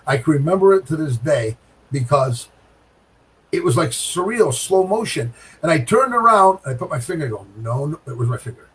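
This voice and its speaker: A middle-aged man telling a bowling story in casual chat, animated, with sound effects and repeated phrases. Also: fairly high pitch, a little fast, husky, far from the mic, poor audio. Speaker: guest pro bowler.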